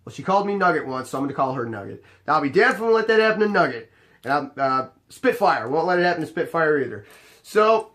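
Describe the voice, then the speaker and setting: A young man casually telling a story about his job as a bar bouncer, animated and exasperated, acting out both sides of the conversation. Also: a little high, fast.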